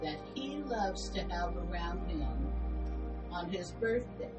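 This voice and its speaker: An older woman in an interview offering reflective, homespun advice. She speaks very slowly and takes her time with each thought, while music plays clearly behind her. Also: on the low side, animated. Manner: slow, reflective advice-giving. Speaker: podcast co-host. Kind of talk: casual interview chat.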